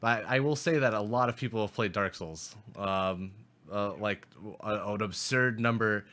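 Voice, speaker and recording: A man's voice: on the low side, moderate pace, pushed and bright. A young man co-hosting a podcast, talking casually and animatedly about video games, swearing often and restarting his sentences. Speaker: podcast co-host. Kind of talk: casual gaming chat.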